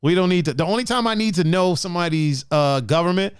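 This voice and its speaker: A man hosting a podcast in casual chat, animated and profane, laughing often. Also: high voice, fast, smooth, no room sound, studio quality. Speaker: podcast host.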